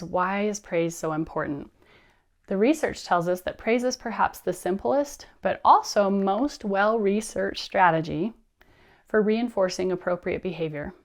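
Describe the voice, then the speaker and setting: A woman in her thirties giving an animated lecture to teachers, telling a personal story with expressive delivery. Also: mid-range voice. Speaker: teacher trainer.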